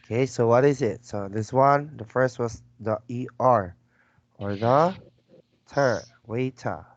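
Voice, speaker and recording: A man's voice: medium pitch, takes it slowly, a little hiss or hum. A man teaching an online English lesson, patiently prompting and repeating words for his student. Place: video call. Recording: dull lo-fi call audio.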